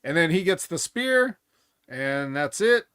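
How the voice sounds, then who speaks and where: A man's voice: a little high, very animated, measured pace, pushed and bright, clear, resonant tone, no echo, studio quality. A man co-hosting a casual wrestling podcast, blunt and opinionated, swearing freely as he recaps matches. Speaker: podcast co-host.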